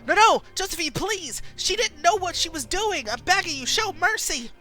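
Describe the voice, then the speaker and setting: A woman voicing a proud, bitter mother in a story game, in a high, loud, shrill voice. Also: wildly swooping pitch, fairly quick, faint music behind, heavily acted. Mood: pleading.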